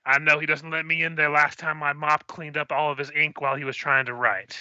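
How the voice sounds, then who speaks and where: Guy doing a gruff old goblin janitor, grumbly and crude, bright edgy tone, dull dry audio. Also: a little high, flat delivery, fairly quick, no room sound. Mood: grumbling. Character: gruff aging goblin head custodian, crotchety.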